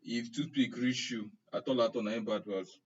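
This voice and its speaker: A man's voice: mid-range voice, steady tone, normal speed, husky. Joking Nigerian man on muffled stream. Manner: chatty and joking, answering chat comments by name. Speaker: online class instructor. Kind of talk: casual chat with a live-stream audience. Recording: muffled, distant live-stream audio.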